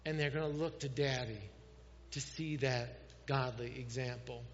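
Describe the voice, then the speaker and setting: A man's voice: medium pitch, steady tone, unhurried, a little hiss or hum. Storytelling preacher man in an echoing hall. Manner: storytelling, addresses fathers directly. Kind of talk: sermon. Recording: dull lo-fi sound with long hall reverb.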